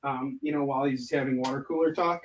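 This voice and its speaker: A man's voice: mid-range voice, steady tone, fast, recorded from a distance, slight background noise. A man casually chatting on a livestream while prepping his stock in a room indoors, rambling and joking with viewers between tasks. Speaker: comic artist livestreaming convention prep. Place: indoor prep room where he packs books.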